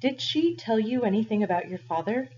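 A woman voicing a gentle, weary old village priest who speaks softly and carefully in a read-aloud story, her voice husky. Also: lively intonation, fairly quick, natural voice. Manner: soft, low and careful. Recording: dull lo-fi recording.

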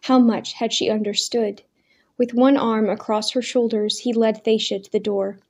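Warm-toned woman narrating an audiobook. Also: fairly high pitch. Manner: measured, expressive reading. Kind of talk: scripted narration.

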